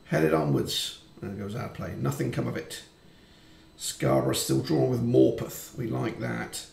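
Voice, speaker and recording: A man commentating on his football management game, chatty and quick to swear when frustrated. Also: medium pitch, vocal fry, reverberant, crowd noise. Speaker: gaming YouTuber. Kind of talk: let's-play commentary.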